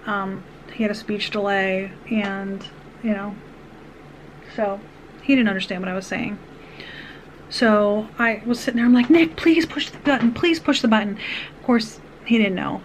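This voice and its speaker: A woman's voice: medium pitch, a bit bright, slight background noise, rough recording. A woman vlogger earnestly retelling a personal story, rambling with restarts and asides.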